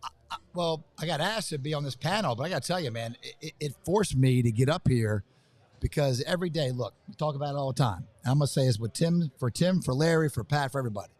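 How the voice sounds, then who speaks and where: A man's voice: mid-range voice, lively intonation, quick pace, darkish tone, no echo. A man being interviewed live at a business conference, pumped up and rambling, often saying how fired up he is. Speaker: event guest. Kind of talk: excited live interview chat. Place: hotel conference venue.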